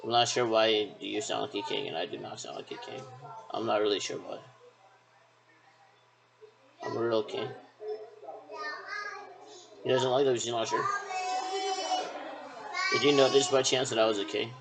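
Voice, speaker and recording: A man's voice: on the low side, fairly even intonation, moderate pace, vocal fry, long pauses, poor audio. A man talking in a rambling, repetitive monologue that keeps circling back on itself with hesitant restarts.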